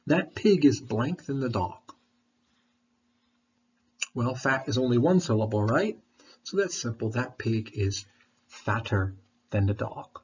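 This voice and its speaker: Sucking on a throat candy, a male English teacher guides a lesson with patience, asking questions more than once and explaining things slowly. He has a husky, expressive voice of medium pitch, heard on a dull, lo-fi recording.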